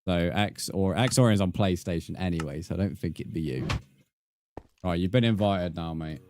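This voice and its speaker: A man's voice: low voice, normal speed, darkish tone, a little hiss or hum. A young man streaming, chatting casually with viewers, swearing freely and calling them mate. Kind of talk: casual live-stream chat.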